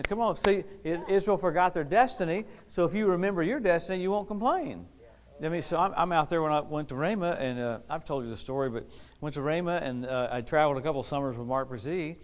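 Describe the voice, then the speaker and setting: A man preaching a lively sermon to a responding congregation, exuberant, laughing often and repeating key phrases for emphasis. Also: on the high side. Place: church service with a responding congregation.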